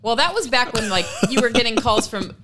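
A woman in her thirties from the United States, co-hosting a podcast and telling stories in a casual, animated way. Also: on the high side, brisk, slight background noise. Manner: animated storytelling with laughter. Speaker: podcast co-host. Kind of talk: casual chat.

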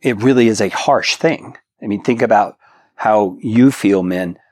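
A man with a very deep voice co-hosts a podcast and gives instructive marriage advice in an earnest, exhorting tone. He speaks straight to the men listening. The sound is dry and close, with no room around it. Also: unhurried, darkish tone, no room sound. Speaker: podcast co-host.

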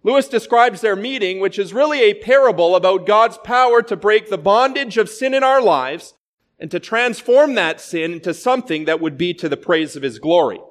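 A man preaching a sermon as a pastor, with measured storytelling delivery. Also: high voice, animated.

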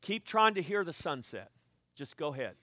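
Animated high-voiced older pastor preaching. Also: male voice, moderate pace, no echo, clean studio sound. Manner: animated preaching, dropping to quiet asides and rising to loud emphatic bursts. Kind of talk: sermon.

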